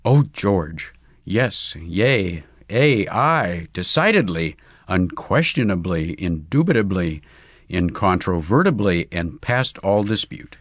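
Guy voicing a soft sympathetic young lady in a storybook, says everything five ways, dry sound. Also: low-pitched, animated, takes it slowly, no echo, exaggerated voice. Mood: earnest. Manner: earnest, piling up synonyms. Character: gentle sympathetic young Englishwoman.

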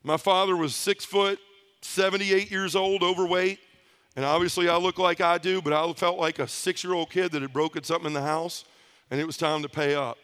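A man's voice: high voice, fairly even intonation, fairly quick, fairly bright tone, clear, resonant tone. A middle-aged man giving a personal testimony at a conference, telling his story in a heartfelt way, often in the present tense. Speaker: conference speaker. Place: conference hall stage.

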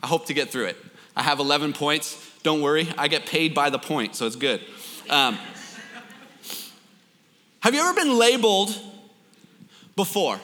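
A man's voice: fairly high pitch, sing-song, moderate pace, long pauses, pushed and bright, in a large hall. A young man preaching a sermon, telling a story with self-deprecating jokes. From Canada. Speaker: pastor.

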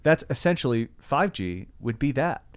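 A man's voice: mid-range voice, very animated, normal speed. A man hosting a podcast in casual chat, rambling, swearing freely and laughing often. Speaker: podcast host.

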